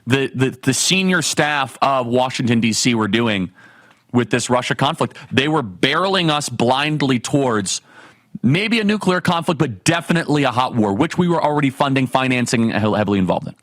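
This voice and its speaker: A man hosting a political talk show, giving an emphatic, animated monologue full of rhetorical questions. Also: medium pitch, normal speed, no echo. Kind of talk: fiery political commentary monologue.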